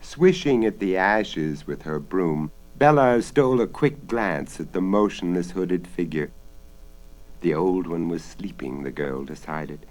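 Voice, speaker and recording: A man with a low, deep voice narrates a storybook tale. His delivery swings widely in pitch and is full of expression. He often drops into hushed whispers to build suspense. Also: lively intonation, measured pace. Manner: dramatic, dropping to hushed whispers. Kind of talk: storybook reading.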